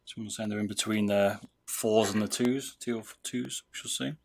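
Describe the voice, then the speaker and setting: A man's voice: fairly low pitch, steady tone, moderate pace, vocal fry, a little hiss or hum. A British man chatting casually with viewers on a livestream while soldering, calling people "mate". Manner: chatty, talks to viewers, says "mate" a lot. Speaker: livestreamer modding gaming mice.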